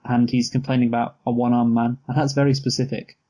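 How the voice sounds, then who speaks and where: Man, movie podcast co-host, relaxed and halting delivery, mid pitch. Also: highs cut off. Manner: laid-back, hesitant with many fillers. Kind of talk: casual film review chat.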